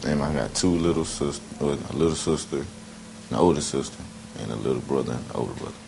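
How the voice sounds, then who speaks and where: A teenage boy with an extremely deep voice gives short, shy answers in a TV interview. He sits back from the mic, and noise runs behind him. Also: fast talker, creaky. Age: teens. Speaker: student interviewee.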